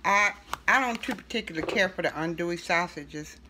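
A middle-aged woman hosting a casual home cooking tutorial, talking in a relaxed, chatty way with fillers and self-corrections. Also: lowish voice, a little fast, background noise. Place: home kitchen.

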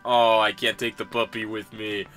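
A man's voice: fairly low pitch, level tone, normal speed, fairly bright tone, soft background music. A young man casually commenting on a video game in a playful, rambling way. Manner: playful, rambling, chuckling asides. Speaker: let's-play gamer.

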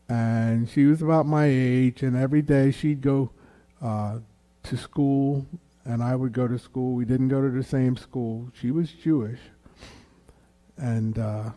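A man sharing a personal testimony at a church question-and-answer session, unhurried and storytelling. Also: dark tone. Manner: slow, unhurried storytelling that raises the pitch for quoted voices. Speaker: guest speaker at a church Q&A.

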